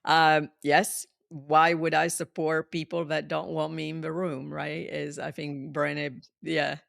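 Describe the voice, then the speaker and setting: Woman podcast host, super low raspy fry voice, dry close mic. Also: level tone, a little slow, fairly bright tone, no echo. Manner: appreciative, conversational. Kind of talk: casual interview talk.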